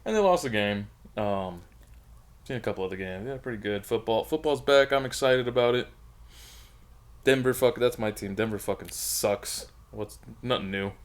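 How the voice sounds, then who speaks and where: A man's voice: lowish voice, moderate pace. A young man in his twenties co-hosting a casual chat, swearing constantly and laughing a lot. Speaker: podcast co-host.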